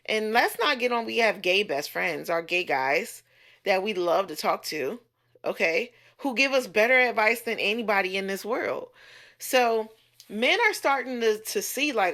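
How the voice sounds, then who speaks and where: Woman, 30s, bright and forward, a coach telling a blunt, animated story. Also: mid-range voice, a little slow. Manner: blunt, animated, profanity-laced, mimics others' voices. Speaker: relationship coach vlogger. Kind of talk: casual storytelling rant.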